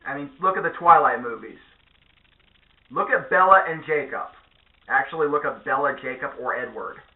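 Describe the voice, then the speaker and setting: A man's voice: medium pitch, moderate pace, narrow, tinny audio. Guy ranting on his vlog, sarcastic and swearing, sounds like a phone mic in an echoey room. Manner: sarcastic, profane, animated. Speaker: vlogger. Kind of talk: ranting monologue.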